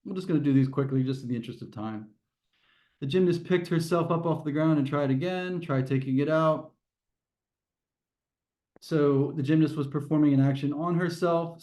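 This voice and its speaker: A male teacher walks a class through a grammar lesson, one careful step at a time. His voice sits a little high for a man, with a mellow, relaxed tone. He restarts phrases and throws questions to the class. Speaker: test prep teacher.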